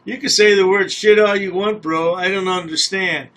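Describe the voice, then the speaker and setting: A man's voice: sits high, fairly even intonation, moderate pace, fairly bright tone. A man commenting over a video in a sarcastic, scolding, folksy way. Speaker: commentary host.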